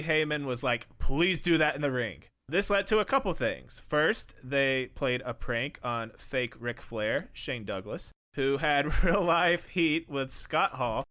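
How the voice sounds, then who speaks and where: A man's voice: mid-range voice, bright, forceful tone, smooth. A man hosting a podcast, reading a script in a casual, profane way and breaking into laughs. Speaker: podcast host. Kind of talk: scripted narration with banter.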